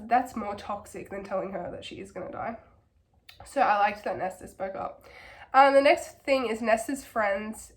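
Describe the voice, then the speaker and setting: A hoarse young woman with a cold, rambling enthusiastically through a casual book review and filling her talk with "like". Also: fairly high pitch. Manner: rambling, filler-heavy, enthusiastic.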